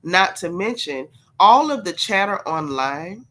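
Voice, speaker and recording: On her gossip livestream, a woman who sounds sick and congested chats directly with viewers, driving points home through repetition. Her lowish voice is a bit bright, with lively intonation and an unhurried pace.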